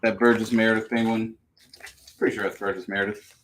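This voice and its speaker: A man hosting a live comic book sale, pitching each issue in a joking, profane, auctioneer-style way. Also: flat delivery, fast talker, very noisy. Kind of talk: casual live-stream sales patter.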